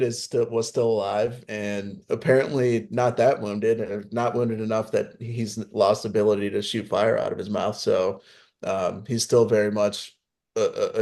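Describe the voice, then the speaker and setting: A man's voice: on the low side, a little mellow. A man co-hosting a podcast in casual chat, giving opinions and explaining lore. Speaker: podcast co-host.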